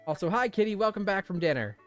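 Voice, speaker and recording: A man hosting a gameplay video, chatting casually and reading game text aloud, animated and often laughing. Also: sits high, fast, faint music behind. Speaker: let's play host.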